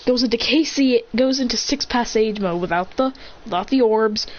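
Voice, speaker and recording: A woman's voice: on the high side, moderate pace, darkish tone. A woman telling a rambling fan-fiction story, full of asides and restarts. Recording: dull lo-fi recording with faint hiss.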